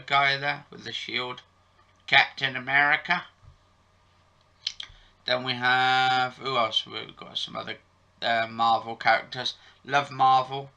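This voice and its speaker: A man's voice: medium pitch, sharp tone. A man vlogging casually to his channel, rambling with many fillers and self-corrections. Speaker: YouTube vlogger reviewing soap episodes. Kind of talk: casual chat to camera.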